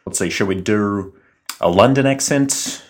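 This is a man with a very deep, low voice, guesting in a comedy sketch interview. He talks in a boastful, self-assured way and brags about his own talent. He plays a celebrity actor. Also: a little slow.

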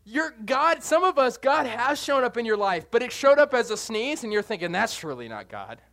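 A man preaching a sermon in an animated, jokey way, swinging between soft and loud. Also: extremely high pitch, normal speed.

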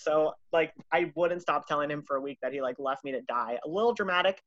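A woman telling a casual anecdote in a profane, animated, self-mocking way. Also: low voice, normal speed, no echo, lo-fi sound. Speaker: storyteller.

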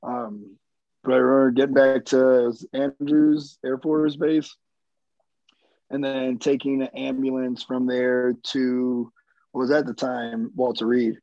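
A man's voice: medium pitch, little pitch movement, a little slow, mellow, no room sound, dull audio. A young man, a wounded Marine veteran, telling his story in a candid, rambling, profane way as an interview guest.

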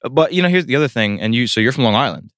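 A band member from New Jersey telling a long, animated rant in casual chat as a podcast guest, peppered with swearing and tag questions. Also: male voice, medium pitch, rapid-fire, no room sound, studio quality. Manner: animated ranting storyteller, swears freely, frequent "right?".

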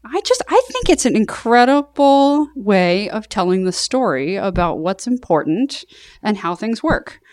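A woman's voice: mid-range voice, very animated, unhurried, a little mellow, no echo, studio quality. A woman in her thirties from the American South, a chatty guest on a podcast who laughs often and jokes about herself. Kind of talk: casual podcast interview.

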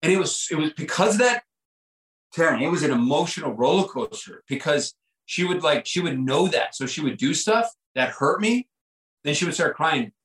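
A man's voice: fairly high pitch, lively intonation, moderate pace, a bit bright, roomy sound, rough recording. A man guest on a podcast, telling a personal story in an earnest, reflective way, often repeating himself and saying "like" and "right?".

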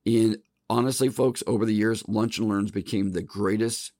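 A man's voice: lowish voice, fairly even intonation, normal speed, darkish tone, no echo, studio quality. A middle-aged man hosting a podcast, telling work stories in a folksy, casual way and calling his listeners "folks.". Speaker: podcast host. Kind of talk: casual storytelling monologue.

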